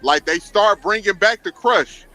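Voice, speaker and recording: A man's voice: sits high, unhurried, bright, forceful tone. A man co-hosting a casual podcast chat, telling stories in a loose, profane way. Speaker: podcast co-host.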